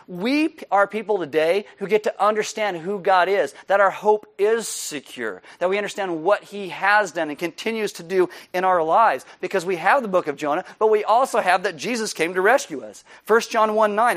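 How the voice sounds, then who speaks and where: A man's voice: high-pitched, moderate pace, fairly bright tone. A male pastor preaching a sermon in a conversational, humorous way, explaining scripture.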